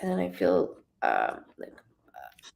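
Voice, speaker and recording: A woman in her thirties giving a live-streamed psychic reading, halting and stuttering, often repeating words as she searches. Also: very deep voice, wildly swooping pitch, gravelly, a little mellow. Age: 30s.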